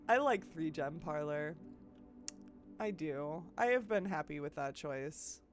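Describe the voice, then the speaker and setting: A woman streaming a puzzle game live, thinking aloud and chatting with her viewers, with frequent restarts. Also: sits low. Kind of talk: live gameplay commentary.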